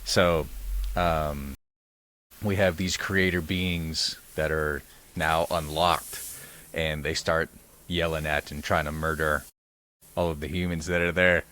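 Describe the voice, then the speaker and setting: Deep, slow-talking man musing. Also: flat delivery, pushed and bright. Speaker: podcast co-host. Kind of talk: casual conversation.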